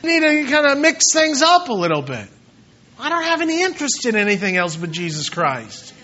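High, bright-voiced impassioned preacher man. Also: huge pitch swings, a little fast, dull audio. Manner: impassioned, mimics doubters in quoted asides. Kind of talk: sermon.

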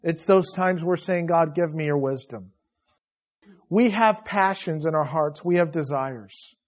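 A man preaching a sermon as pastor, emphatic, with his voice rising into loud bursts. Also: a little high, a little slow, highs cut off.

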